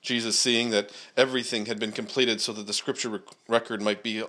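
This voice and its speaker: A man with a somewhat low voice leads a church service. He prays and then reads a long scripture passage aloud at a measured pace. His delivery is dotted with "uh" and "um" fillers. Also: little pitch movement, pushed and bright. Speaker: preacher. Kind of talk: prayer and scripture reading.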